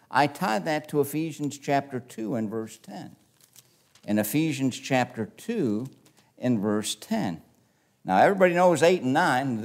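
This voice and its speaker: A man delivers a sermon to a congregation, his pitch swooping widely as he hammers key words. He moves between loud emphatic stresses and low, quiet asides. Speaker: preacher.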